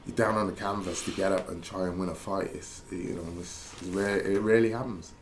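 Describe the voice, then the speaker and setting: A former footballer with a deep voice and fairly even intonation spins rambling stories in casual chat, speaking fairly quickly. He laughs and corrects himself as he goes, and the recording has a roomy echo with faint background noise.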